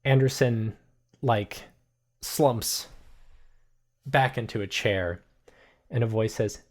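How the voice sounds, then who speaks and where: A man narrating a tabletop game as game master, unhurried and full of filler words. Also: medium pitch, darkish tone.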